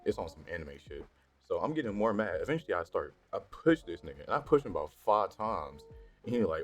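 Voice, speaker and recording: A young man telling a story from his school days in a casual, slangy and profane way that turns animated when he gets worked up. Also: deep voice, fast. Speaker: storytime vlogger. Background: faint background music.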